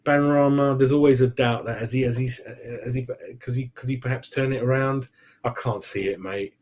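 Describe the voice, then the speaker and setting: A man talks casually to his viewers about his football club. He rambles, stops to hunt for names, and tacks "mate" onto his sentences. His voice sits at a middle pitch. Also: steady tone, normal speed, darkish tone. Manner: rambling and chatty, calls people "mate", forgets names. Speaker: football fan channel host. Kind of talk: casual live-stream chat with viewers.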